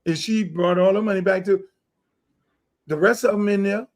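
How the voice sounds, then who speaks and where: Loud ranting man, high voice. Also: moderate pace. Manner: loud, profane, boastful ranting. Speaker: podcast host. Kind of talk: heated casual talk.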